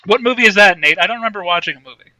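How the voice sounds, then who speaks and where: Bright, high-voiced deadpan man. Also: racing, dry recording, low-quality recording. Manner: deadpan, playfully absurd. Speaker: podcast co-host. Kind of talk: casual comedy podcast chat.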